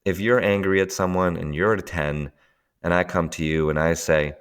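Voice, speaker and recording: Very low-voiced man, animated talk. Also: moderate pace, clean tone. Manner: animated, laughs often, acts out voices in his stories. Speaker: guest. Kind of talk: casual conversation.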